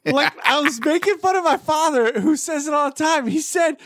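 Excitable swearing man in his thirties. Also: very high voice, normal speed, no echo. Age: 30s. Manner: excitable, swearing-heavy ranting. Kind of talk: casual chat.

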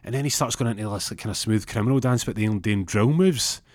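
Male comic storyteller, low-pitched, rambling delivery, dry recording. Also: fast talker, dry recording. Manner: rambling, lots of fillers and repeats, acts out other voices.

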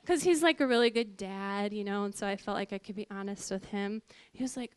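A woman telling a personal testimony to an audience in a lively storytelling way, acting out what people said. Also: a little fast, hardly any pauses, clear, resonant tone, dry recording. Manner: lively, acts out quoted voices with big pitch jumps. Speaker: speaker giving a personal testimony.

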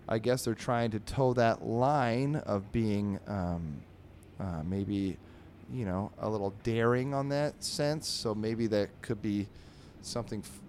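A man hosting a comedy podcast, rambling through comic strips in a halting way with many ums and restarts. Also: medium pitch, darkish tone, slight background noise.

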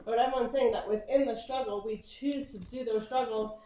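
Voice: mid-range voice, fairly even intonation, a little fast, mellow. A class participant speaking up in a casual discussion, thinking aloud. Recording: roomy audio from far off the mic.

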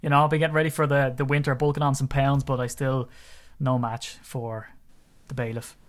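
A man's voice: medium pitch, level tone, fairly quick. An Irish man co-hosting a podcast, chatting casually and teasing his partner with jokey banter. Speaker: podcast co-host.

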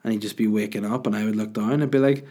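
A man's voice: fairly low pitch, fairly even intonation, fast talker, mellow. A man hosting a podcast, rambling and joking as he answers listener questions. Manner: rambling, jokey, sweary. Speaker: podcast host.

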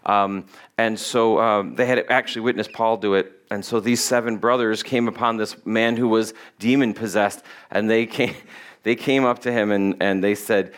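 A man's voice: on the low side, fairly even intonation, moderate pace. A man preaching a conversational sermon, reading scripture and acting out quoted lines in voices. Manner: casual, acts out quotes in voices. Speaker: pastor.

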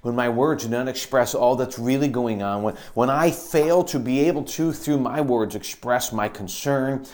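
A man preaching a sermon, earnest, moving between loud emphasis and quiet, intense passages. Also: mid-range voice, moderate pace, few pauses.

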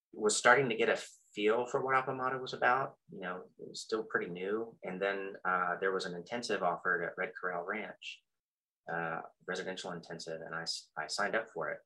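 A middle-aged man telling a personal story in a halting, reflective way, full of fillers and restarts, with soft self-deprecating chuckles. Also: low voice, poor audio. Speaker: practitioner sharing his story.

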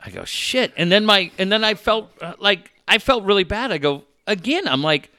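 A man's voice: high-pitched, a little fast, no room sound, studio quality. A man telling stories in a casual chat, swearing often and acting out the people he quotes. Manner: profane, animated, acts out quoted people.

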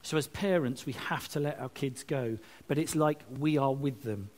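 A man giving a lively, chatty sermon with asides and self-mocking jokes. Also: medium pitch, normal speed. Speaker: preacher. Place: church service, streamed online.

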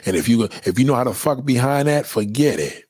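A man's voice: mid-range voice, big pitch swings, a little fast, darkish tone, breathy edge, no echo, clean studio sound. A man delivering a blunt, profane, opinionated monologue in a lecturing tone.

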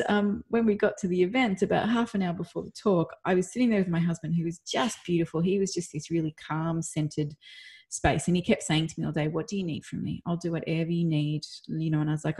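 A woman, co-hosting a podcast and telling a personal story candidly, acting out what people said. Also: on the low side. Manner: candid, animated retelling with acted-out quotes and laughs. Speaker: podcast co-host.

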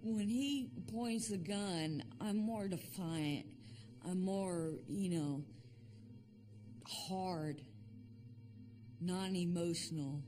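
Slow, steady woman recounting an ordeal. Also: lowish voice, faint music behind. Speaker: former prison officer recounting an ordeal. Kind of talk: documentary interview testimony.

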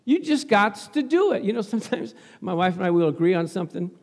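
Lively laughing preacher with high pitch. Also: male voice, quick pace. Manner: laughing, animated, talks back to the congregation. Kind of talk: sermon. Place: church. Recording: long church reverb.

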